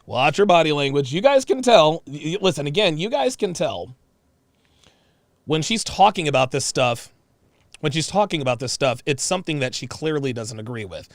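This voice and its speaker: A man's voice: a little high, moderate pace, no room sound, clean studio sound. A man in his forties hosting, giving profane, mocking reaction commentary on video clips and repeating his points. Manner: mocking, animated, repeats himself.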